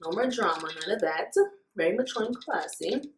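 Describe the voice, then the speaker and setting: A woman's voice: mid-range voice, moderate pace. A young woman in college casually telling a story to camera, swearing freely and acting out what people said. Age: young adult. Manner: animated, profane, acts out quoted lines. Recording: echoey room with faint noise.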